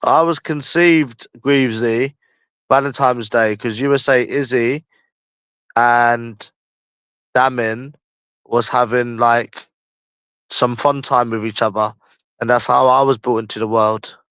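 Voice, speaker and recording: A man with a London accent chats on his own livestream, talking in loops and repeating lines over and over, at times stretching his words out slowly. His voice sits at a middling pitch, and the recording is close and dry with no room sound. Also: steady tone, fairly bright tone, clear, resonant tone, no room sound. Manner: rambling and repetitive, often slow and drawn out, with slang and swearing. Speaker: livestream host. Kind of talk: casual livestream chat.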